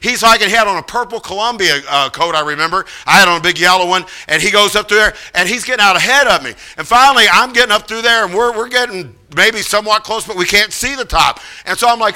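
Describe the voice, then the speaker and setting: Animated high-voiced male preacher telling a story. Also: fast talker. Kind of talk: sermon storytelling.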